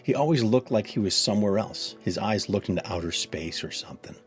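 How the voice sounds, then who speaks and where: Deep-voiced man reading a kid's story. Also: lively intonation, fairly quick, soft background music. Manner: chatty, kid-like storytelling voice. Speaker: narrator. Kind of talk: first-person storybook reading.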